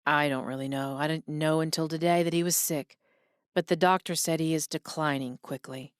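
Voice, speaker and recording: A woman voicing a grown son, soft and hesitant as he talks to his dying father. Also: low voice, fairly even intonation, moderate pace, smooth, dry recording, studio quality, close to an everyday voice. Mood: worried. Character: grown son, anxious and torn.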